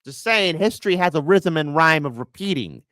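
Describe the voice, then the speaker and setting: Male host, indignant political rant, lively swooping pitch, dry voice. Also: moderate pace, no echo. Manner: fiery, indignant ranting. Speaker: commentary host. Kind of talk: political commentary.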